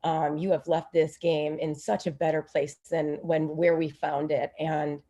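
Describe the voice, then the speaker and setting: Woman, 30s, low voice, emotional off-the-cuff tribute over a video call, close to tears. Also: little pitch movement, a little slow, dark tone. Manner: rambling, gushing, many fillers. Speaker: former teammate giving a tribute. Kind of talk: unprepared heartfelt speech.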